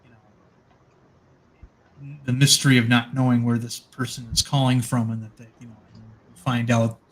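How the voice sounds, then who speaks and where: A man's voice: mid-range voice, level tone, moderate pace. A man chatting casually as co-host, rambling with frequent restarts and fillers. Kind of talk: casual chat.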